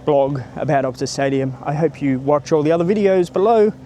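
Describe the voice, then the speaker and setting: Filming on a phone or handheld camera, a travel vlogger rambles cheerfully through a walking tour by a stadium, greeting passers-by as he goes. His mellow voice sits a little high and moves a little quickly, with a touch of hiss or hum in the background.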